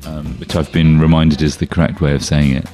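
A man with an exceptionally deep, low voice chats casually as a co-host on a tech podcast. He rambles along in quick bursts and keeps restarting his sentences mid-thought. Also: flat delivery, dark tone, soft background music.

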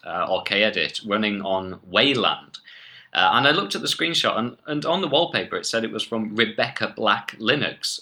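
A man's voice: lowish voice, bright, forceful tone. A man co-hosting a podcast, talking casually and making dry, wry jokes with chuckles. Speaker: podcast co-host. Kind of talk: casual chat.

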